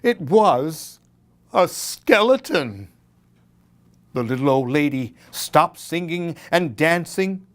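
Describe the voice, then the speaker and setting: A male children's librarian reading a Halloween story aloud. He reads slowly and deliberately, drawing out words, and his voice rises and falls dramatically from line to line. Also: fairly high pitch, lively intonation.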